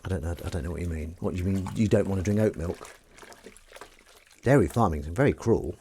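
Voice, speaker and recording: A man's voice: sits low, fairly quick, mellow, a little hiss or hum. A man hosting a live stream, chatting casually, joking and playing mock-outrage at the chat's comments. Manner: jokey, rambling, mock-outraged at chat.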